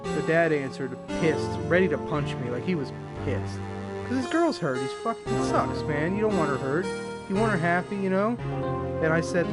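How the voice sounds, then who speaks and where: Over loud game music, a young man streams gameplay and tells rambling, candid stories full of profanity. His voice is a little high and expressive, and he keeps a moderate pace.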